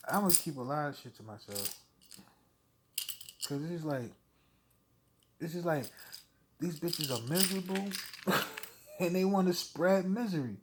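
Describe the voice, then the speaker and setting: Vlogger, male, fairly high voice, blunt profane rant, heated delivery. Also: heavy background noise. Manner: blunt, heated, swearing, with short laughs. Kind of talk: profane personal rant to camera.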